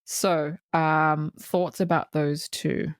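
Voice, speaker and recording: A woman co-hosting a casual movie review podcast, cursing freely, laughing often and acting out scenes in quick voices. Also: deep voice, little pitch movement, no room sound, clean studio sound. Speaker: podcast co-host.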